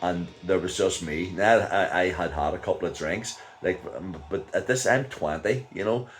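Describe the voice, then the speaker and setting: A man's voice: low-pitched, moderate pace, soft background music. An older man with a Northern Irish accent telling a rambling personal story in a casual vlog, with frequent chuckles and fillers. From Northern Ireland. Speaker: vlogger.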